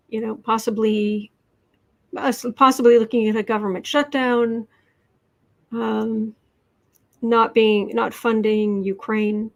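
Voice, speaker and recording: A woman's voice: fairly high pitch, creaky. Chatty woman hosting a tarot livestream. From Midwestern United States. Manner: chatty, quick asides, reads viewer comments aloud. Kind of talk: casual livestream chat reading cards and comments.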